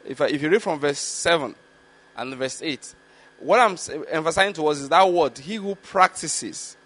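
A man delivers a Bible teaching with a slightly higher-than-average voice. He reads scripture slowly and deliberately, then breaks off to explain and asks his listeners whether they are following. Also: fairly bright tone. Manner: slow, deliberate reading of scripture with explanatory asides; repeatedly checks understanding with the listeners. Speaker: preacher.

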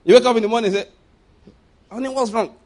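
A man preaching a sermon, lively and laughing often as he acts out voices. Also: very high-pitched, quick pace.

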